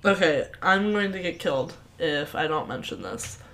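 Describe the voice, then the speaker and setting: A woman's voice: deep voice, sing-song, moderate pace, vocal fry, a bit bright. A woman co-hosting a casual movie podcast, laughing often and acting out quotes in silly voices. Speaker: podcast co-host.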